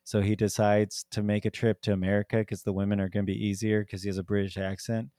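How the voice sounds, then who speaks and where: A man's voice: on the low side, flat delivery, fast talker, mellow, dry recording, studio quality. A man co-hosting a podcast, chatting casually about a movie, rambling with lots of "like" and frequent laughter. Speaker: podcast co-host. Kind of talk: casual movie review chat.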